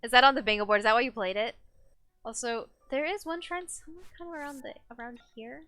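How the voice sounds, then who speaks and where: A woman's voice: a little high, fast talker, pushed and bright, dry recording. A young woman streaming a game live, chatting playfully with her chat and laughing often. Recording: faint game music behind.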